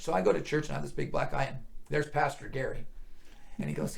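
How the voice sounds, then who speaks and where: A middle-aged man with a deep, heavily gravelly voice tells his story of faith. He speaks earnestly and often sinks into hushed, near-whispered tones when the memories weigh on him. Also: quick pace. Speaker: guest sharing testimony. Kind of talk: emotional personal testimony.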